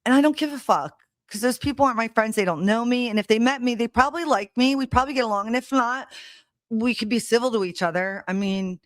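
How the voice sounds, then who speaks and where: A woman's voice: on the high side, quick pace, dry recording, studio quality. A woman hosting a live stream, telling a personal story in a blunt, heated, casual way, swearing freely. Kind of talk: casual monologue to a live audience. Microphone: streaming setup mic.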